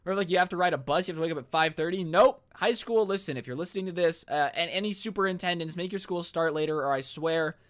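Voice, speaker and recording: A young man with a fairly high voice, telling a story to his viewers in a storytime vlog. He is sarcastic and jokey throughout. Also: quick pace, hardly any pauses, fairly bright tone. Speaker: storytime YouTuber.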